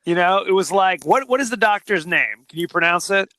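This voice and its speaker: A man's voice: sits high, lively intonation, fairly quick, sharp tone, dry recording. A man co-hosting a podcast, casually chatting about a movie and retelling scenes with jokey mock quotes. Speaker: podcast co-host.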